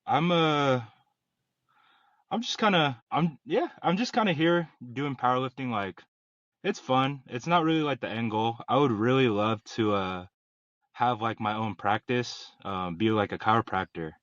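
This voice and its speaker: A young man on a podcast who talks in a relaxed, hesitant way, full of fillers. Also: medium pitch, a little slow, no room sound, muffled recording. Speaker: podcast guest, powerlifter. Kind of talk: casual chat.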